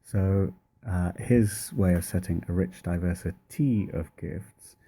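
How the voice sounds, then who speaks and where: Man, church music teacher, husky and gravelly, halting explanatory delivery. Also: low-pitched, mellow. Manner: thoughtful, hesitant, many pauses and fillers. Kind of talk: informal spoken lesson on chant.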